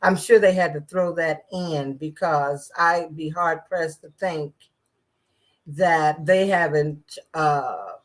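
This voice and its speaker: A woman giving casual political commentary in a sarcastic, rambling way, with many restarts and asides. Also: deep voice.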